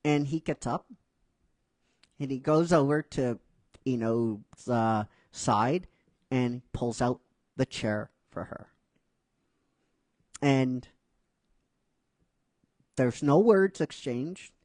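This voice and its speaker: A man's voice: medium pitch, animated, drawn-out words, long pauses, a little mellow, dry recording. A man casually narrating his own script, rambling and hesitant, with fillers and self-corrections. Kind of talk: casual storytelling.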